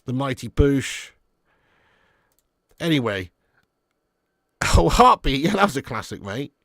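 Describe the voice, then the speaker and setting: A young man hosting a live football watch-along, chatting casually and answering viewer comments between bursts of excitement at the match. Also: medium pitch, slow, no echo, clean studio sound.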